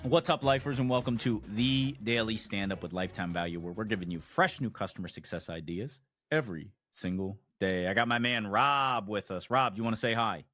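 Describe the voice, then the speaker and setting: A man hosting a podcast, greeting listeners with energy and teasing his guest with quick questions. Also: on the low side, a bit bright, soft background music. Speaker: podcast host. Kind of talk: casual podcast chat.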